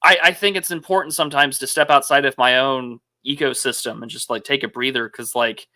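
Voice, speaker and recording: A man's voice: mid-range voice, fairly even intonation, fairly quick, bright, forceful tone. A man hosting a casual political podcast, musing aloud with rhetorical questions. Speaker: podcast host.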